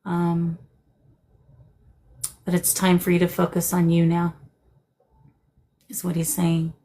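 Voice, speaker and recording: A woman hosting a live stream as a psychic medium, speaking gently and soothingly and calling her guests darling. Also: on the low side, completely flat delivery, slow, rough recording. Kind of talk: live-stream spirit reading.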